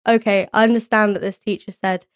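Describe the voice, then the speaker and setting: Giggly woman, smooth clear voice. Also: mid-range voice, fairly even intonation, a little fast, no echo, studio quality. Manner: rambling, giggly, reflective. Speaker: Pilates teacher guest. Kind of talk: casual interview chat.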